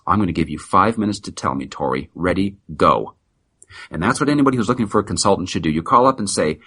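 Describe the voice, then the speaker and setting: A middle-aged man with a very low voice pushes a motivational sales pitch with blunt, preachy emphasis. His tone is tense and driving, and there is a husky grain to it. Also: animated, fast, pushed and bright. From United States. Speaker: practice consultant guest.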